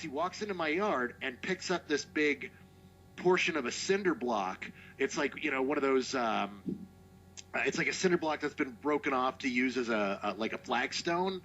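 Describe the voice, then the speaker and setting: A man telling a long anecdote on a casual podcast, animated and profane, acting out what people said. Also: mid-range voice, moderate pace, lo-fi sound, faint music behind. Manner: animated, profane, acts out quotes. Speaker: podcast co-host. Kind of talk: casual storytelling.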